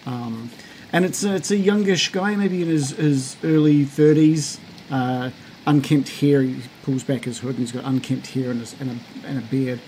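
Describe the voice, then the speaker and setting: A man narrating a tabletop role-playing game as game master, often pausing with fillers and restarts. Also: medium pitch, steady tone, dark tone, a little hiss or hum, low-quality recording. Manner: halting, with many fillers and restarts.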